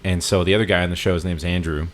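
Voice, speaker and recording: A man with a very low voice tells a long story on a podcast. He rambles, restarts and fills gaps with "like." Faint noise sits under the recording. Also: fairly even intonation, rapid-fire. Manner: rambling retelling with many fillers and restarts. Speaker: podcast co-host. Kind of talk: casual storytelling chat.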